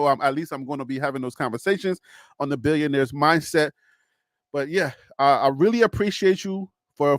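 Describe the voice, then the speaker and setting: A high-pitched man from Africa runs the panel on a remote call. He sounds animated, laughs easily and steers the chat. His voice is dry and close, with no room around it. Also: dry recording. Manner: animated, laughs often, cuts in. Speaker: host.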